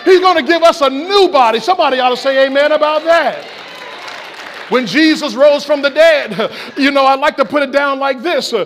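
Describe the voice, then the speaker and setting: A man's voice: extremely high pitch, normal speed, a faint crowd, slight background noise. A man preaching an impassioned Easter-style sermon in a church, calling out to the congregation. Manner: impassioned, shouting call-and-response preaching. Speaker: pastor. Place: church sanctuary.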